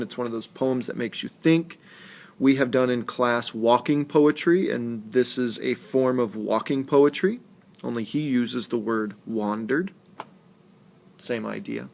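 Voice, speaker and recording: Male teacher, slow and patient delivery, mid pitch, screencast lesson. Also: gravelly. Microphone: tablet screencast mic.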